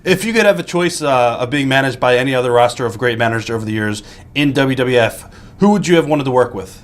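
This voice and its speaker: A man interviewing a guest, asking questions with filler pauses. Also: mid-range voice, expressive.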